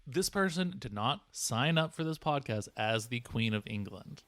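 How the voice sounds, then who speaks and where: A man's voice: mid-range voice, lively intonation, normal speed, a bit bright, no echo. A man producing and co-hosting a comedy podcast, teasing in a playfully exasperated way.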